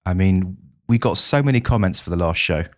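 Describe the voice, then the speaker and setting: A podcast co-host with a low voice talks a little fast in a casual chat, recorded with a dull lo-fi sound. He's lively and eager, laying out his plans.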